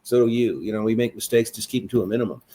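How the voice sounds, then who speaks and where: A man in casual political chat who tells animated stories, swears freely and acts out what people said. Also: lowish voice, racing, slight background noise.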